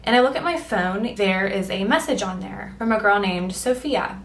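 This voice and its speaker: A woman's voice: medium pitch, moderate pace. A young woman vlogging her personal testimony, earnest and emotional, acting out what she and others said. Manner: earnest and emotional, quotes herself and others in lively voices. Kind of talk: personal storytelling. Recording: echoey room.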